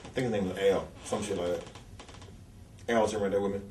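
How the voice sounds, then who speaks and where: A former wrestler in an interview, telling stories in a blunt, angry and heavily profane rant. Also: male voice, low-pitched, steady tone, quick pace, a little mellow, slight background noise. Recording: echoey room, speaker far from mic.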